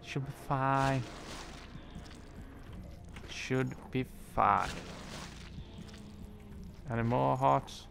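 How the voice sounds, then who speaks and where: A man's voice: mid-range voice, steady tone, very slow, vocal fry, long pauses, a bit bright, a little hiss or hum. A man commentating his game playthrough, joking and talking to the characters on screen. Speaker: gamer. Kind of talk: let's play commentary.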